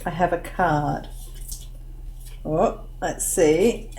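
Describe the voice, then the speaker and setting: A woman's voice: fairly low pitch, drawn-out words, mellow, slight background noise. A woman filming a crafting unboxing vlog, gushing and tearful with lots of oohs and wows. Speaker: crafting vlogger.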